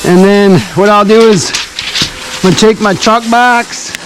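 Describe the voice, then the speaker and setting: High-voiced man talking through a build outdoors. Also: steady tone, unhurried, background noise. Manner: chatty, upbeat, explains steps while working. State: breathing heavily from cold and climbing. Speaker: builder and channel host. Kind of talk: casual construction vlog narration. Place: outdoors on a cold building site. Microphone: action camera.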